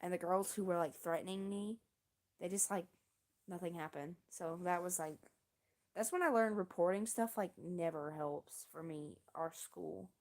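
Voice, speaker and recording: A woman streamer casually telling a long story on a livestream, halting and restarting often, with casual swearing. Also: lowish voice, darkish tone. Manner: rambling, halting, with many restarts and fillers.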